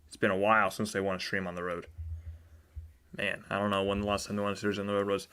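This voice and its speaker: A young man hosting a live baseball stream, chatting casually with viewers and admitting a sore throat that leaves him a bit monotone. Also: on the low side, fast talker, clean tone. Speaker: sports stream host.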